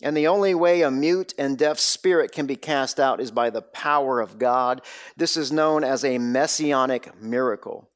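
A man preaching a sermon, telling the story with dramatic swings between loud bursts and hushed, low lines. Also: moderate pace. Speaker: pastor.

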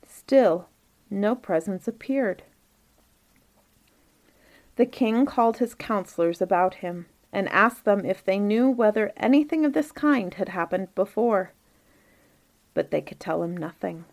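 A woman reading a Christmas storybook aloud in a gentle, measured narration. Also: medium pitch, lively intonation.

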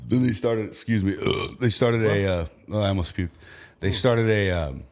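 A man's voice: fairly low pitch, moderate pace, a little mellow. A man hosting a podcast who tells a story in a casual, rambling way, using "like" and "dude" a lot and laughing mid-story. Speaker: podcast host.

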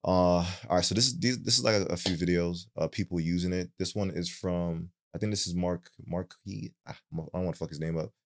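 Young male podcast co-host, deep and easygoing, casual and halting. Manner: laid-back, many fillers and restarts.

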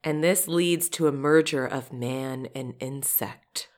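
Low-voiced laughing woman podcaster. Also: slow. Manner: swears freely, laughs often. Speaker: podcast co-host. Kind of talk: casual chat. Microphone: podcast microphone.

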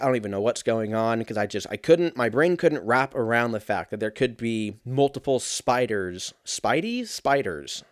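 This is a studio-quality clip with no room sound of a man in his thirties. He talks in a medium pitch, drifting casually from topic to topic while swearing a lot and poking fun at himself.

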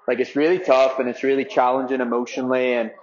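A man's voice: medium pitch, level tone, quick pace, dull audio. A young man from Ireland, a marathon runner, talking casually with lots of fillers and free swearing. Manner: rambling, filler-heavy, swears freely. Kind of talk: casual spoken update.

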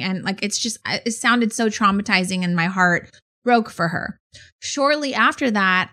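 A woman's voice: mid-range voice, a bit bright. A middle-aged woman co-hosting a podcast, earnestly telling personal stories in conversational chat. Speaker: podcast co-host. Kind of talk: conversational storytelling.

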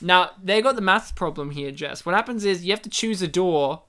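A woman's voice: lowish voice, lively intonation, normal speed, a bit bright. A woman co-hosting a casual movie chat, joking, laughing often and acting out lines from the film. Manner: jokey, laughs often, acts out quotes. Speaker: podcast co-host.

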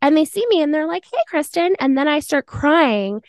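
A woman's voice: high voice, moderate pace, dry recording, studio quality. A young woman hosting a podcast, casually telling a personal story and acting out the dialogue. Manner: animated, acts out dialogue in quotes. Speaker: podcast host.

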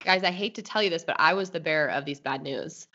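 A woman co-hosting a podcast with a fairly low, slightly hoarse voice, upbeat and talking straight to the listeners in casual chat. The recording sounds dull and a little lo-fi. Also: fast talker, bright, forceful tone. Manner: upbeat, addresses listeners directly. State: hoarse from illness. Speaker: podcast co-host.

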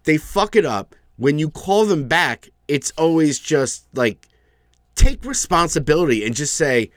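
A man's voice: on the high side, a little slow, dry recording, studio quality. A man co-hosting a podcast, ranting and swearing in casual chat. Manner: ranting, swears freely, animated. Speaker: podcast co-host.

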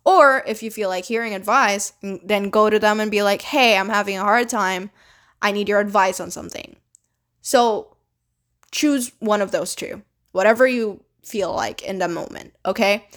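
A woman's voice: mid-range voice, moderate pace, a bit bright. A young woman talking casually to camera, giving blunt relationship advice with frequent swearing and loose, chatty phrasing.

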